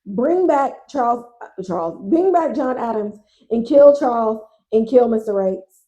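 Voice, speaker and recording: A woman hosting a casual TV recap podcast, animated and exasperated, swearing freely and talking to listeners as y'all. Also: on the high side, a little slow, rough recording. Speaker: podcast host.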